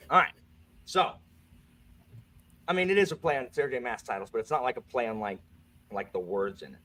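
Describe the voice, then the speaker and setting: A man's voice: medium pitch, very animated, brisk, pauses often, pushed and bright. A man hosting a bookish quiz game, playful and jokey, reading each clue twice. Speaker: quiz host. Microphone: desk microphone.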